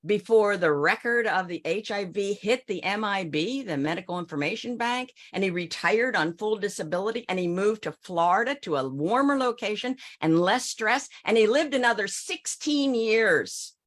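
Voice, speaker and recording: A woman's voice: mid-range voice, expressive, normal speed, hardly any pauses. A middle-aged woman, a former financial advisor, speaking emphatically to an audience and addressing listeners directly with rhetorical questions.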